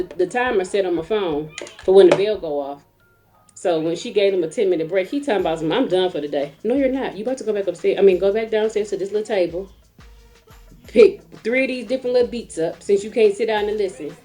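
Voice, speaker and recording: A woman, a mother, telling a comic story in a casual rant, animated and acting out other people's voices. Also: medium pitch.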